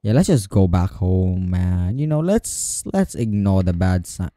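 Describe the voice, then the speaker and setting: A man's voice: low voice, expressive, a little slow, mellow, dry recording, studio quality. A man giving let's play commentary on a horror game, talking to himself and repeating phrases when he gets nervous. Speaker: gamer playing a horror game.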